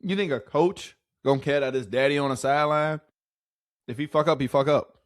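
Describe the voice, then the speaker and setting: A man's voice: fairly high pitch, brisk, no room sound, studio quality. A man giving casual sports reaction commentary, heated and mocking, with plenty of profanity.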